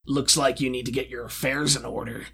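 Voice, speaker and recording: A man's voice: medium pitch, steady tone, a little fast, vocal fry, sharp tone, husky, heavily acted. A man voicing a curt, dismissive armored man speaking through a hologram in a tabletop game.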